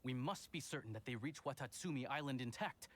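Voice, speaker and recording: An actor voicing a dutiful escort guard in a game, formal and deferential. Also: male voice, medium pitch, brisk, a bit bright, a little hiss or hum, close to an everyday voice. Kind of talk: game cutscene dialogue.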